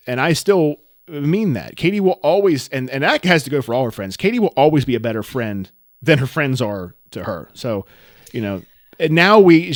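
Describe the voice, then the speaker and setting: A man's voice: medium pitch, no echo. Rambling self-deprecating man, dry mic. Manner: rambling, self-deprecating, animated when telling stories. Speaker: podcast co-host. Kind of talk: casual storytelling chat.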